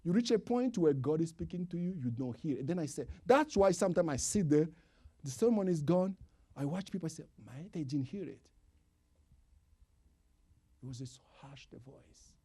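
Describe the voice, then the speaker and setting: Husky man preaching, loud to whispering. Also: fairly high pitch, expressive, brisk. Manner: swings from loud emphatic calls to hushed whispers; non-native English phrasing, repeats for emphasis. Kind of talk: sermon.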